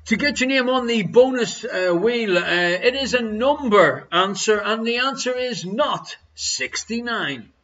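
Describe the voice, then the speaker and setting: Male quiz host, high-voiced, unhurried, jokey with a chuckle; slightly muffled audio. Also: expressive, sharp tone. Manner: jokey, chuckles between questions. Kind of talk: live-streamed quiz chat.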